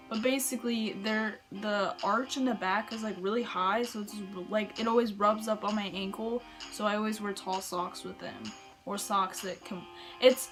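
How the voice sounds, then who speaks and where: A young woman giving casual running tips in a chatty, rambling way, full of "like" and restarts. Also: mid-range voice. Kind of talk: casual advice vlog.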